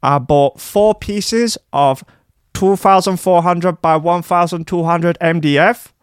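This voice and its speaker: A man voicing a whiny, boastful male DJ in a high, strained, nasal whine, in a dry room. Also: takes it slowly, smooth, no echo.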